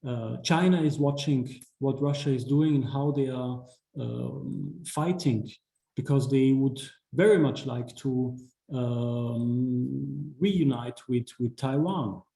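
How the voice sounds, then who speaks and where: A middle-aged man speaks in English over a video call, his voice very dark and mellow. He talks in a measured, halting way, full of "uh" and "um" and restarted phrases. The sound is roomy, with a clear echo from the space around him. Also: mid-range voice. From Austria. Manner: measured, many fillers and restarts. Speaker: guest speaker, ambassador. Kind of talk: online talk, lecture.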